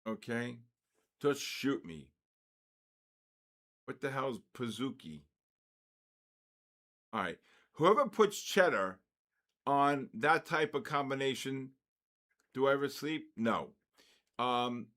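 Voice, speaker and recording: Older man, joking outrage, mid pitch. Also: slow, long pauses. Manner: animated, exclamatory, jokingly outraged. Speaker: livestream trading host. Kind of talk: casual chat reading viewer comments.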